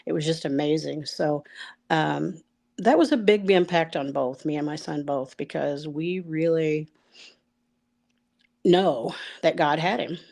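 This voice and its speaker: A middle-aged woman telling a personal story out loud, rambling and halting, with many fillers and restarts. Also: low voice, gravelly.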